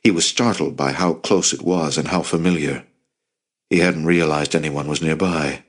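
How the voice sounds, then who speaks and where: Guy reading a novel aloud, low deep voice, steady pace. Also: normal speed. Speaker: audiobook narrator. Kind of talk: scripted narration.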